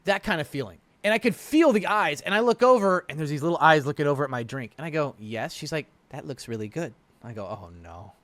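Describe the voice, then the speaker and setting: A man's voice: fairly high pitch, fast, few pauses, dry recording. A man hosting a stream, telling a story casually and animatedly, often restarting his sentences. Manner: animated, frequent restarts and repeated words. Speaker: stream host.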